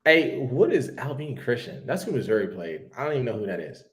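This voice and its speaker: A man in a casual podcast chat, reacting with animated disbelief to what he has heard. His voice sits at an ordinary middle pitch. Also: fast talker. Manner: animated and incredulous. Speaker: podcast co-host.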